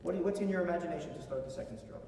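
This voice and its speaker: A man conductor coaching a singer in a master class, emphatic and animated, often singing phrases to show them. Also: a little high, very fast, slight background noise. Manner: animated, emphatic, sings and speaks phrases to demonstrate. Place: concert hall. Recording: echoey hall from far off.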